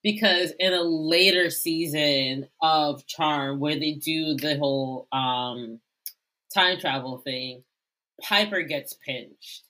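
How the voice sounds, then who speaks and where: A woman's voice: slow pace, bright, forceful tone. A woman co-hosting a casual podcast, giving blunt, slangy opinions with swearing and ranting bursts. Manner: blunt, slangy, swears, rants with rising pitch. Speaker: podcast co-host. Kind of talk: casual chat.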